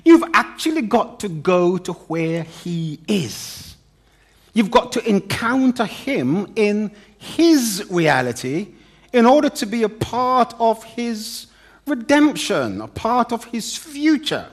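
Male preacher, high voice with a wide, sweeping pitch range; animated sermon with humorous touches. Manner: animated, dramatic emphasis and pauses, humorous asides.

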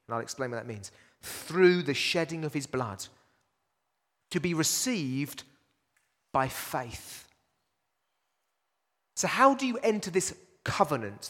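A man's voice: fairly high pitch, a bit bright, long reverb tail. A man preaching a sermon to his congregation in a casual, conversational way, asking rhetorical questions and restarting phrases often. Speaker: pastor.

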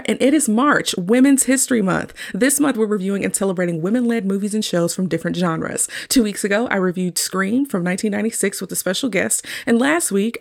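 A woman's voice: mid-range voice, creaky. A woman hosting a film review podcast, peppy and enthusiastic with casual slang. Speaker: podcast host. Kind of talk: upbeat podcast intro and chat.

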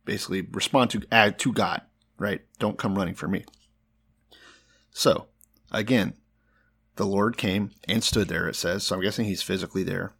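A man's voice: low voice, steady tone, moderate pace, vocal fry, fairly bright tone, husky. A man co-hosting a podcast, retelling a Bible story in an irreverent, profane, joking way and often breaking into laughter.

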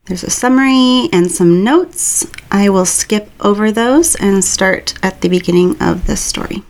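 A woman's voice: mid-range voice, unhurried, a little mellow. Woman reading a story aloud. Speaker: reader. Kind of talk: reading fan fiction aloud.

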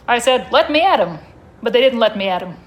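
A woman voicing a flustered, defensive male tiger who rambles through quick denials, as part of a comic story reading at a live show. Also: on the high side, very animated, voice pushed up. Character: anxious, defensive male tiger, imaginary friend.

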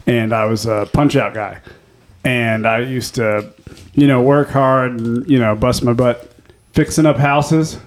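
A man's voice: mid-range voice, fairly even intonation. A man tells a casual tale among friends on a podcast. He stumbles and restarts as he goes, then settles into his point. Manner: halting, many restarts. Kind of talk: casual storytelling.

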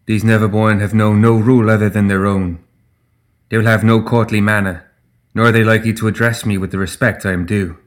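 A commanding ancient fae queen, as a man reads her in an audiobook. The voice sits low and measured, grave and regal, and she turns sharp when crossed. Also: flat delivery, close to an everyday voice.

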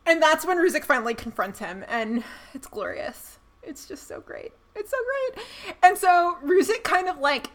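A woman co-hosting a casual podcast chat, recapping a TV episode with animated storytelling. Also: high voice, moderate pace. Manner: animated storytelling, laughs while acting out scenes. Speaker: podcast co-host.

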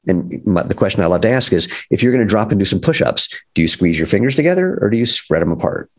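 Brief: deep-voiced man with a husky edge, founder-type guest, upbeat and wry. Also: animated, fast talker, few pauses. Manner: enthusiastic, wry asides. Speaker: footwear company founder as guest. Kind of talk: energetic explanatory talk.

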